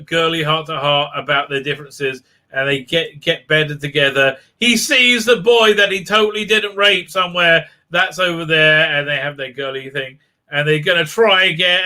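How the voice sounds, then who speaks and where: A man's voice: a little high, normal speed, sharp tone. A male host giving a rambling, mocking recap with many ums and uhs. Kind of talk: sarcastic live show recap.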